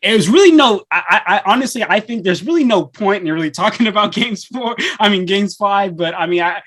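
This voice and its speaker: A man hosting a sports podcast, relaxed and slangy, laughing often as he talks. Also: high voice, brisk. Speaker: podcast host. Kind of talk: casual sports podcast chat.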